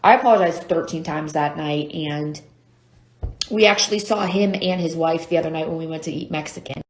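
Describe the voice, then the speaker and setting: A woman's voice: sits low, fairly quick. A woman telling a self-deprecating story to camera as a lifestyle vlogger. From North Carolina, US. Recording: echoey room.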